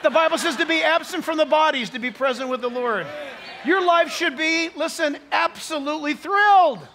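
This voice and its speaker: A male pastor preaching an outdoor sunrise sermon into a stage microphone, animated, joking with the crowd and acting out the voices he quotes. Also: very high-pitched, fairly quick. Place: outdoors at dawn, cold.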